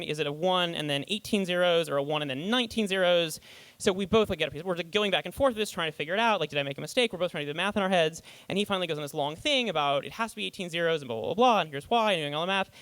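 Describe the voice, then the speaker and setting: A man with a fairly high voice tells a humorous, self-deprecating story to a live audience. He talks in an animated, thinking-aloud way, and the sound is close and dry. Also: smooth, no room sound. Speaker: writer giving a stage talk.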